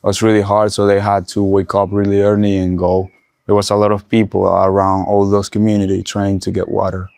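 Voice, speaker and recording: A young man from Nicaragua speaking English with a Nicaraguan Spanish accent, a native Spanish speaker telling his story in a casual interview with halting restarts. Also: on the low side, monotone, vocal fry, darkish tone, no echo. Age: young adult. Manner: halting, restarts often while recalling.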